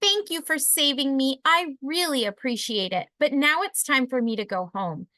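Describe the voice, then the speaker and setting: Casting: a prim, polite little sea-creature girl from a storybook, higher and lively, as a woman reads her. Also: normal speed, dry recording, studio quality. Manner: prim, polite, dramatic when scared. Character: tiny polite female mermaid-like sea creature.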